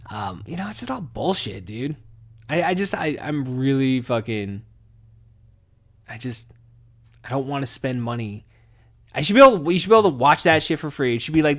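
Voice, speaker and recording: A young adult man hosting a podcast from his garage office, rambling and profane, laughing a lot and swinging from mumbled asides to loud excited bursts. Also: mid-range voice. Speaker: podcast host. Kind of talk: casual podcast monologue.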